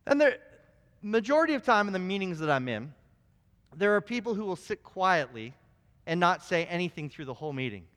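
Man, high-pitched, lively sermon storyteller, long room reverb. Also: brisk. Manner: storytelling, animated, many restarts. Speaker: preacher. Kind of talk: sermon with personal stories.

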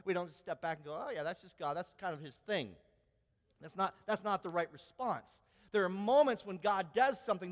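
A man preaching a sermon to a congregation, animated, acting out quoted voices and reading scripture aloud. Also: high-pitched, in a large hall. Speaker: pastor.

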